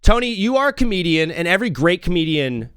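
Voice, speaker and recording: A man's voice: high-pitched, sing-song, fast talker, a bit bright, clear, resonant tone, no room sound, studio quality. A young man hosting a podcast, asking questions and teasing his guest in casual chat. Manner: playful, teasing interviewer. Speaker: podcast host.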